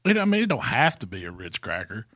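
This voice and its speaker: A man, co-hosting a casual barbecue chat and calmly explaining cooking step by step. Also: on the low side, fast talker, no room sound, studio quality. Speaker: barbecue pitmaster co-host.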